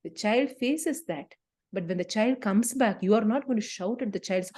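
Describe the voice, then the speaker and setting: A middle-aged woman with an Indian English accent, facilitating a parenting talk and acting out scenes from family life. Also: normal speed. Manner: animated storytelling, acts out scenes with sharp pitch jumps.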